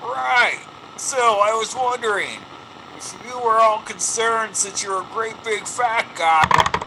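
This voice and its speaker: A man's voice: sits high, takes it slowly, heavy background noise. A man playing a snarky male radio caller with a mock-innocent, needling way of talking.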